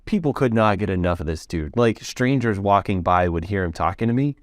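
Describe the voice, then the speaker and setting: A man's voice: lowish voice, lively intonation, a little fast, no echo, clean studio sound. An American man hosting a podcast, chatting enthusiastically with lots of fillers. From United States. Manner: enthusiastic, rambling, filler-heavy. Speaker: podcast host. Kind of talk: casual interview chat.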